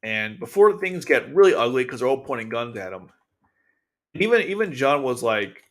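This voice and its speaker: A man's voice: mid-range voice, very animated, moderate pace. A man hosting his own channel, recapping and commenting on an anime episode in a loose, rambling way with many fillers and restarts. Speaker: anime reviewer and channel host. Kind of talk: casual episode commentary over video.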